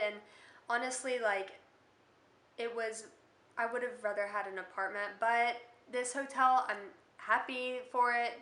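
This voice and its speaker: A young woman tells a rambling storytime vlog in a bright, forceful voice, full of filler words. Her voice rings around an echoey room. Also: fairly high pitch. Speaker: vlogger.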